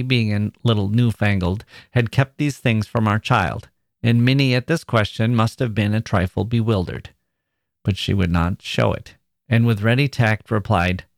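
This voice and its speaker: A man, a podcast host, reading a classic short story aloud in a measured storytelling manner. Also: fairly low pitch, no echo, clean studio sound. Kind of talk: literary reading.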